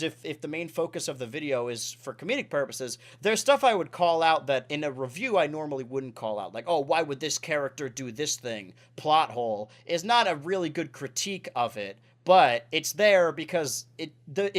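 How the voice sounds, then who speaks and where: A man's voice: fairly high pitch, animated, a little fast, hardly any pauses. Man, twenties, podcast host, rambling casual chat, lots of filler words. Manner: rambling, self-correcting, lots of "like".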